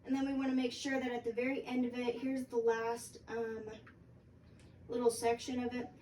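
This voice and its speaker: A woman's voice: fairly high pitch, monotone, loud music behind the voice. Young woman teaching flute, mic far off. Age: young adult. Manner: casual, halting explanations with many fillers. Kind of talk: instructional music lesson. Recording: distant mic with faint background noise.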